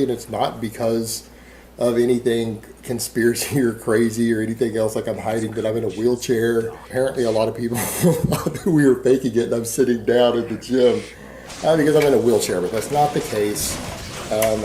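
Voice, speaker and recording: A Texan man rambling bluntly and defiantly in a casual vlog monologue while he works at a hobby. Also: medium pitch. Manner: blunt, defiant, talks while hand-loading ammo. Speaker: vlogger. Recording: steady background noise.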